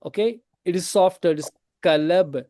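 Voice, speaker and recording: A man teaching a tajweed class in a classroom. He explains slowly, asks his students questions, repeats his points and switches into Hindi now and then. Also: high voice, warm tone, no room sound, studio quality. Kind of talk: classroom lesson.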